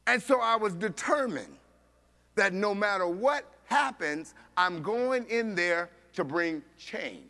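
A man preaching a sermon, telling a story with animated voices for each person and laughing along. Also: high voice, takes it slowly, gravelly.

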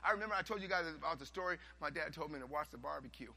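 A man preaching a sermon, telling a story and swinging from hushed asides to loud, animated bursts. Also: fairly high pitch, racing, vocal fry.

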